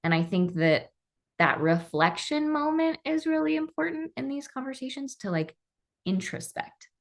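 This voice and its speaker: Gravelly-voiced woman co-hosting a podcast. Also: high voice, very animated, normal speed. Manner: reflective, thinks aloud with restarts. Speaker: podcast co-host. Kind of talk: casual podcast discussion.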